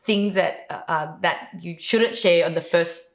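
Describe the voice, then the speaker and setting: A woman's voice: lowish voice, measured pace. A woman guest in an interview, talking about networking with enthusiasm, telling stories and laughing often. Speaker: guest sharing networking advice. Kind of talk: casual interview chat.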